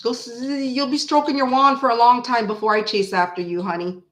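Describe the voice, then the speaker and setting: A woman's voice: fairly high pitch, fairly even intonation, brisk, roomy sound. Brash, chatty woman tarot reader. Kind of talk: live-stream tarot reading with chat.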